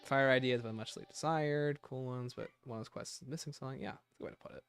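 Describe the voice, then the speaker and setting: A man's voice: mid-range voice, fairly even intonation, fast talker, vocal fry, fairly bright tone, faint music behind. A man casually chatting and joking on a livestream as the streamer, thinking aloud as he talks.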